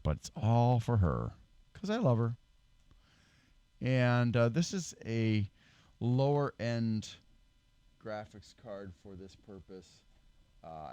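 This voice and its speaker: A man's voice: low voice, darkish tone. A man hosting a casual PC building tutorial, rambling with fillers, self-corrections and dry self-deprecating asides, recorded on a desk microphone that he sometimes leans away from. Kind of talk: casual how-to demonstration. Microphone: desk microphone, moving closer and farther. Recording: dry close-mic, voice fades when he leans away.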